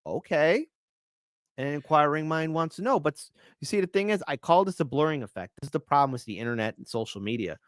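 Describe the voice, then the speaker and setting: A man co-hosting a casual political podcast, telling things in an animated way, acting out quoted voices and restarting often. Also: fairly high pitch, brisk, dry recording, clean studio sound. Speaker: guest co-host.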